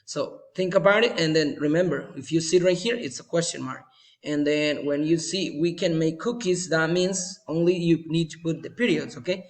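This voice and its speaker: Male teacher, video lesson for kids; patient, repetitive, slightly high voice. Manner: slow, repetitive, checking with "okay?". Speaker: English teacher.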